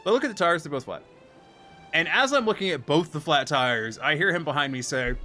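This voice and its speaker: A man streaming, telling a story as a profane, animated rant in casual talk. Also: a little high, fairly quick, faint music behind.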